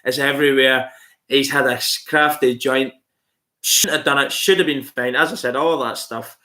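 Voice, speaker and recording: A man's voice: medium pitch, moderate pace, bright, forceful tone. A married man hosting a casual live-stream, answering viewer comments bluntly and swearing freely. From outside Australia. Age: adult, married.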